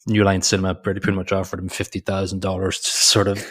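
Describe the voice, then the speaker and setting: A man's voice: low-pitched, completely flat delivery, fast talker, fairly bright tone. A man co-hosting a casual movie podcast, rambling and hesitant, with many restarts. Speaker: podcast co-host.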